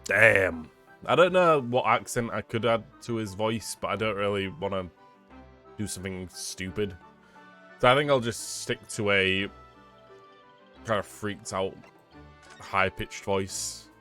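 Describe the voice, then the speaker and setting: A man's voice: on the low side, measured pace, long pauses, bright, forceful tone. A British man streaming a game, making frank, joking asides in casual commentary. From Britain. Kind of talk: casual commentary while playing. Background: game music.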